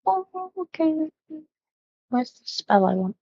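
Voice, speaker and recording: A woman's voice: high voice, sing-song, slow pace, gravelly, warm tone, no room sound, muffled recording. A woman playing a tabletop game who talks hesitantly, with many ums and apologies. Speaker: player.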